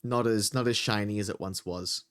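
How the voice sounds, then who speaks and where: A man as game master, calmly describing a scene in a tabletop game. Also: lowish voice, normal speed, clear, resonant tone.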